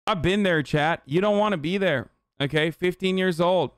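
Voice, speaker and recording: A man's voice: high voice, normal speed, smooth, no echo. A young man ranting in profane, casual commentary, talking straight to his live-stream chat. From Turkey. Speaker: streamer reacting to a video.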